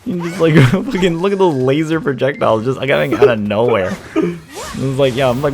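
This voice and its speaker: A man's voice: medium pitch, normal speed. Laughing, cursing man in gaming chat. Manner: swears often, laughs through retold stories. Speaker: gaming streamer.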